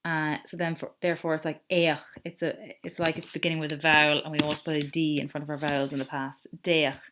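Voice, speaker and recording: A woman's voice: deep voice, level tone, fast talker, fairly bright tone, a little hiss or hum. A woman teacher with an Irish accent, patiently explaining step by step in a recorded lesson and correcting herself as she goes. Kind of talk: recorded screen-share lesson.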